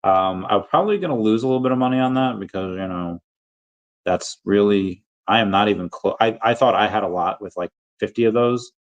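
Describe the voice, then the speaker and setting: A man with a somewhat low voice hosts a casual livestream and talks through viewers' questions. He rambles, corrects himself mid-sentence and drops into playful put-on voices when he reads out chat. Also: a little fast, lo-fi sound. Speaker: livestream host answering chat.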